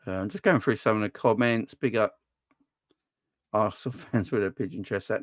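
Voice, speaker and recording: Fan-channel host, casual comment-reading chat, dry close sound, voice leaps up when riled. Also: male voice, normal speed, pauses often, no echo. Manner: animated, voice jumps high when ranting.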